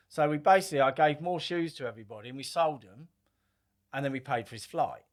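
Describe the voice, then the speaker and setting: A middle-aged man telling a story casually on a podcast, animated, swearing freely and acting out quoted lines. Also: fairly high pitch, a little fast. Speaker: podcast guest.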